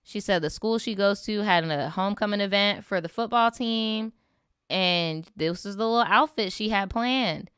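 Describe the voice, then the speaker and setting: A woman's voice: mid-range voice, normal speed, fairly bright tone, smooth, dry recording, studio quality. A young woman hosting a casual storytime stream, reading viewer updates and reacting with slangy, sarcastic commentary.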